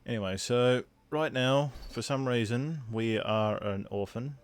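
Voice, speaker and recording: A man's voice: mid-range voice, unhurried, smooth. A young Australian man casually commenting on a game on stream and thanking viewers as he plays.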